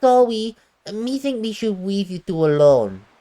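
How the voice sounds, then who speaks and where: A woman's voice: medium pitch, sing-song, measured pace, dark tone. A woman voicing a playful, childlike puppy creature that talks in broken, bouncy grammar. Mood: giddy. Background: faint game music.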